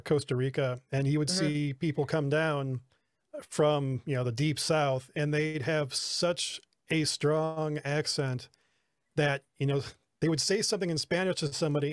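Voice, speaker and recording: A man's voice: fairly high pitch, no echo, clean studio sound. A man who works at a small church, talking easygoingly as a podcast guest. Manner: easygoing, laughs while talking. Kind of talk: casual interview chat.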